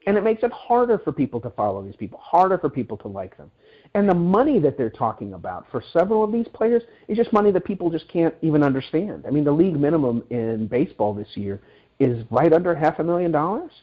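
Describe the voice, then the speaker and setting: Here the guest author, a middle-aged man, talks fast in a fairly high voice with big swings in pitch. During the interview he tells stories animatedly, frequently restarting sentences and repeating words, on dull lo-fi audio.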